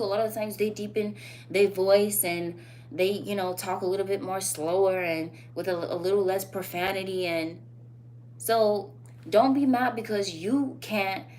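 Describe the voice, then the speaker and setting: A woman talking straight to camera in a casual opinion vlog, blunt and animated, her thoughts rambling between emphatic points. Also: mid-range voice, a little hiss or hum. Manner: loose, rambling phrasing with fillers. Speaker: vlogger.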